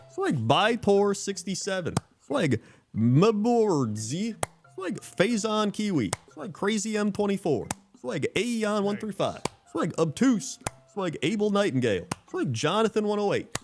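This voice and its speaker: A man streaming live in casual chat, reading out usernames and laughing often. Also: high-pitched.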